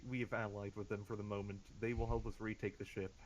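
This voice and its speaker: Hesitant low-voiced male player. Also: flat delivery, fast, a little hiss or hum, low-quality recording. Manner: hesitant, searching for words. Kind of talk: casual in-character play over voice chat.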